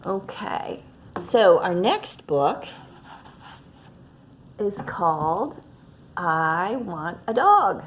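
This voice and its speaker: A woman librarian reads picture books aloud to children at a slow, gentle pace. Her pitch rises and falls expressively, and a faint background hiss sits under her voice. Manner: gentle, expressive, unhurried reading. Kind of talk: children's story time read-aloud.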